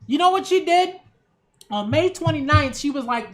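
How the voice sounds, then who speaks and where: Her voice sits high and sing-song, and she goes slowly with frequent pauses. A channel host and culture critic, she delivers a casual opinion rant that is sarcastic and emphatic, peppered with rhetorical "right?" check-ins.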